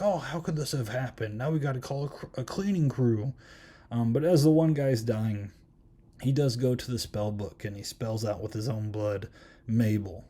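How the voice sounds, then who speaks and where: Podcast guy reviewing a movie, lots of um and like, mellow darkish voice. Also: fairly low pitch. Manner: rambling, many ums and likes. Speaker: podcast host. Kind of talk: casual film review chat.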